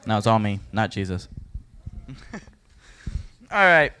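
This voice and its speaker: A man leading a Bible study for a group, reading verses and explaining them in a relaxed, joking way, talking straight to his listeners. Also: on the low side, slow pace, clear, resonant tone. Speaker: youth Bible study leader. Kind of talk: casual Bible teaching talk.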